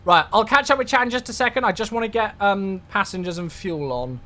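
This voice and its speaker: Brisk and high-voiced, a British man in his thirties runs a casual live stream, bubbling over with enthusiasm as he thanks his viewers.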